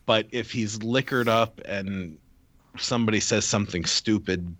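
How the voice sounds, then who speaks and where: Deep-voiced man in casual podcast chat. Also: unhurried, a bit bright. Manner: rambling, many restarts and fillers. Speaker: podcast co-host.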